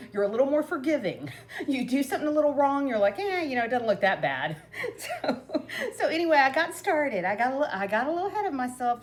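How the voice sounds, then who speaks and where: A bubbly middle-aged woman hosts a casual craft video. Her pitch swoops up and down as she chats, and she breaks into laughs between rambling asides. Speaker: crafting vlogger. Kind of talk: chatty craft tutorial.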